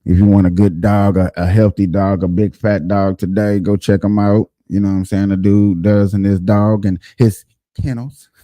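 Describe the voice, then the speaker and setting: A man's voice: lowish voice, flat delivery, normal speed, hardly any pauses, mellow, no echo. A man hosting a casual livestream show, talking emphatically and directly to his viewers.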